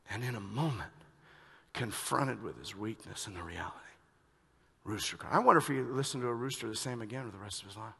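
A male pastor preaching a sermon, moving between hushed reflection and loud, urgent emphasis. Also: on the low side, animated, brisk, creaky, breathy edge. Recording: long reverb of a large hall.

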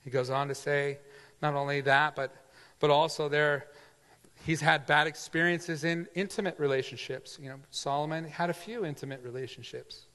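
A man delivers a sermon with a slightly high-pitched voice, talking to the congregation as if in conversation. His emphatic points rise loud, and his asides drop almost to a murmur. Long reverb from the hall trails behind every phrase. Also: steady tone, moderate pace. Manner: conversational preaching, swinging between loud emphasis and near-whispered asides. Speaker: pastor.

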